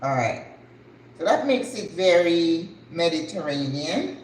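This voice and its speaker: An older woman hosting a cooking vlog, chatting casually and exclaiming excitedly over the food as she plates it. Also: on the low side, a little slow, echoey room, slight background noise, poor audio.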